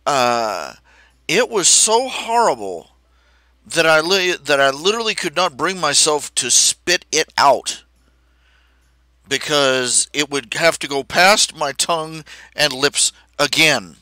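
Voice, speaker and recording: Bright-voiced rambling male streamer. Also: a little high, slow, clean tone, no echo. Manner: chatty, self-interrupting, animated anecdotes with restarts. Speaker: livestream host. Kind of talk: rambling casual storytelling.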